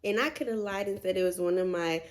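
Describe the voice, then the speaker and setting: A woman in her twenties telling a story to her viewers in a vlog, animated and chatty, full of "like" and "y'all". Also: medium pitch, quick pace. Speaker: vlogger.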